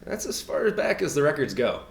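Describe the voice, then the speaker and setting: A man delivers mock news of league matchups with playful, teasing jabs. His pitch swings widely, and the room around him gives his voice a clear echo. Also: sing-song, moderate pace. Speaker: guest co-host. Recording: roomy echo.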